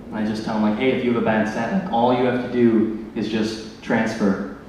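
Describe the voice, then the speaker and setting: A young man telling awkward, deadpan jokes as a stand-up comic, leaning on filler words. He is heard from a distance in a large hall with a long, roomy echo. The recording carries heavy background noise. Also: fairly low pitch, a little fast. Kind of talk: stand-up comedy set. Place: large hall with live audience. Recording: echoey hall, distant mic, loud noise.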